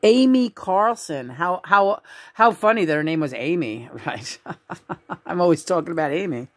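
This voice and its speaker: A woman's voice: lowish voice, normal speed. Profane, laughing woman podcaster. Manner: profane, excitable storytelling with frequent laughter. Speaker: host reviewing a documentary. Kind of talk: casual chat.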